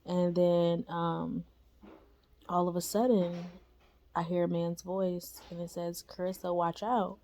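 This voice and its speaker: A young woman with a low voice and a gravelly, fry-edged texture tells her own story in a loose, conversational way. She leans on slang, fillers and quick tag questions, and the delivery stays unpolished. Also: little pitch movement, mellow. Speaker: storyteller sharing a spiritual experience. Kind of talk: casual personal storytelling.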